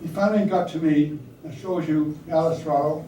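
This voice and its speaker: A man's voice: on the high side, fairly even intonation, normal speed, warm tone, slight background noise. Older man telling war stories, far off in an echoey room. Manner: anecdotal, conversational, asks audience questions. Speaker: speaker recounting wartime service. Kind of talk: storytelling talk to an audience. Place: hall or meeting room with audience.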